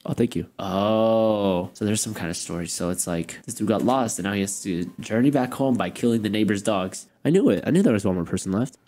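A young gaming YouTuber provides let's play commentary in a lowish, dark voice, brisk with few pauses. He's playful and self-mocking, exclaiming and laughing as he plays.

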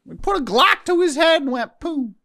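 A man's voice: extremely high pitch, expressive, normal speed, creaky, bright, forceful tone, voice pushed up, full character voice. A man putting on a hillbilly-accented cartoon mad scientist voice, drawling and exaggerated. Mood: gleeful. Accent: put-on hillbilly.

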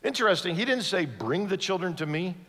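High-pitched and very animated, this man talks a little fast with a slightly bright sound. He's a guest preacher delivering a sermon, voicing the people in the story he tells, and the big church sanctuary gives the recording a long, hall-like reverb.

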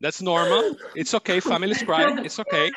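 A man's voice: high-pitched, animated, brisk, crowd noise. A man hosting a convention panel, introducing guests in a friendly way and laughing readily. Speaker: podcast host and panel moderator. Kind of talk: moderating a panel.

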